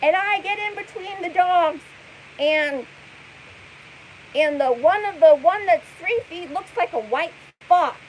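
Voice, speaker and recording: A shrill, hyper grown woman racing through a dramatic tale, almost screaming, her voice jumping high, as a commentator mocks her. The pitch sits very high and strained. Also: big pitch swings, unhurried, hardly any pauses, slight background noise, poor audio. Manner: near-screaming, breathless storytelling.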